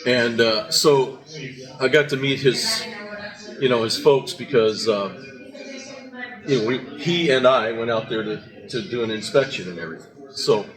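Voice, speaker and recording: Background music and crowd noise fill this rough recording of an older podcast host chatting over breakfast in a restaurant. He speaks in a mid-range voice at a moderate pace, telling meandering stories full of fillers and restarts.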